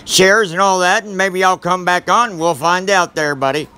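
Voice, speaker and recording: A man voicing a blunt, cantankerous old man who talks gruffly and folksily, with mild cussing. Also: sits high, fairly even intonation, moderate pace, bright, forceful tone. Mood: folksy.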